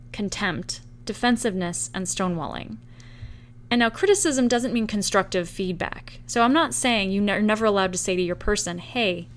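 Female podcast host, solo, conversational explainer who voices little example lines. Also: medium pitch. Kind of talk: solo podcast talk on relationships.

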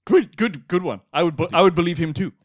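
A man co-hosting a casual podcast chat, animated and sweary, laughing often. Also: high-pitched, fast, no room sound, clean studio sound. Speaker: podcast co-host.

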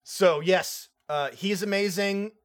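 A young man co-hosting a casual movie review podcast, excitable, laughing often and swearing casually. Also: sits high, takes it slowly. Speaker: podcast co-host.

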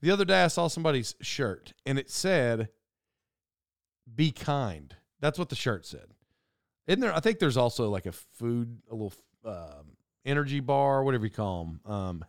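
A man's voice: mid-range voice, sing-song, unhurried, creaky, dry recording, clean studio sound. A man hosting a podcast, rambling through a digressive solo monologue and getting worked up over small things. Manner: digressive and self-interrupting, ranting. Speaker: podcast host.

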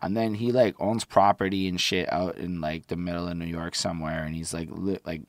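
Low gravelly man reviewing an album. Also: fairly quick, no room sound. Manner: casual, profane, quotes lyrics in animated bursts. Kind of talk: casual album review chat.

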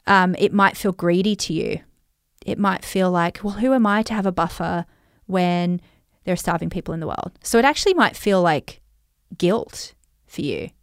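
A woman's voice: on the low side, smooth, no echo. Aussie woman talking money to her listeners, casual and chatty, lots of ums, dry sound. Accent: Australian. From Australia. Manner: chatty, reflective, lots of fillers. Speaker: money coach.

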